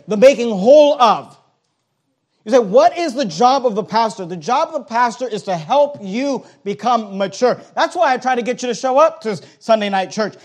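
A middle-aged man preaching a sermon as pastor, emphatic, dropping now and then to a hush. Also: extremely high pitch.

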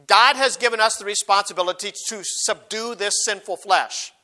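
High-voiced bright male preacher. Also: normal speed. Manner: emphatic, repeats key phrases, quotes King James scripture. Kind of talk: sermon.

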